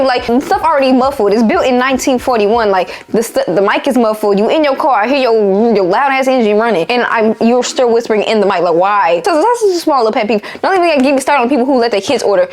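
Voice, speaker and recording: A young woman telling casual storytime rants about old jobs, animated and exasperated, full of slang. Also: on the high side, a little fast. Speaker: vlogger.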